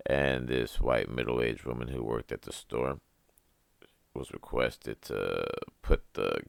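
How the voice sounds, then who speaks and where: A young man with a very deep, rumbling voice and a gravelly edge rants through a casual podcast monologue. He rambles, swears freely and laughs at his own jokes. The sound is dry and close, with no room echo. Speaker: podcast host.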